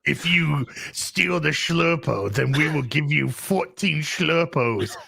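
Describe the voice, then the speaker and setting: A man's voice: on the high side, slow pace, creaky, breathy edge, dry recording, studio quality. A British man co-hosting a comedy podcast, riffing in casual chat and slipping into silly voices. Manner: animated, riffs in silly put-on voices. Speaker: podcast co-host.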